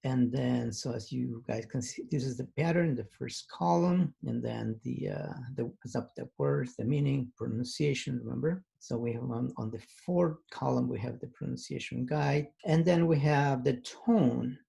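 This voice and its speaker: A man teaching an online language lesson, talking patiently and haltingly with many pauses and fillers. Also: mid-range voice, creaky, dark tone, breathy edge.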